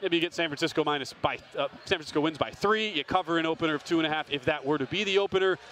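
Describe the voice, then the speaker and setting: A man hosting a sports betting show, his voice sitting a bit high as he runs through props and picks in long quick lists. He talks loosely, the way hosts do between segments, with a faint hum of noise underneath. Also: fairly bright tone. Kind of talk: casual betting analysis.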